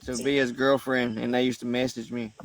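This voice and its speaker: A man's voice: mid-range voice, little pitch movement, a little fast. A man chatting casually on a livestream, recounting gossip about an online account. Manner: storytelling, casual.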